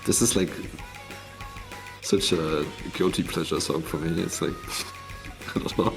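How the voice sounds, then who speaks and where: A man's voice: deep voice, fairly even intonation, slow, vocal fry, over music. A man casually talking through tournament maps on a live stream, rambling with many fillers and restarts. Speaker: tournament mappool showcaser.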